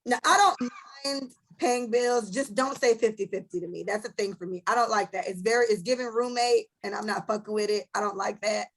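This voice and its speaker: A woman hosting a casual podcast chat, telling stories in a blunt, animated way with lots of profanity. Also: medium pitch, a little fast. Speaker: podcast host.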